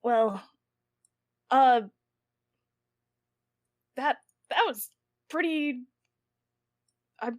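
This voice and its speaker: A woman playing a tabletop game, casual and halting as she describes her character's actions. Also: high voice, no room sound. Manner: hesitant, halting. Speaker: player.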